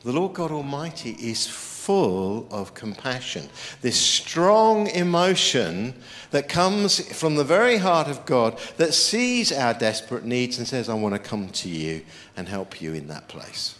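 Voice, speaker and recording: A man preaching a sermon, lively and emphatic, quoting scripture as he goes. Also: mid-range voice, unhurried. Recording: long hall reverb.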